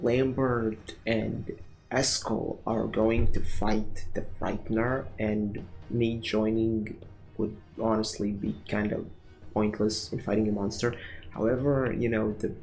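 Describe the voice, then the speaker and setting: A man's voice: fairly low pitch, a little mellow. A man streaming a video game, chatting to viewers with crude jokes and rambling commentary. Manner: rambling with fillers and restarts. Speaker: gaming streamer. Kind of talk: casual let's-play commentary.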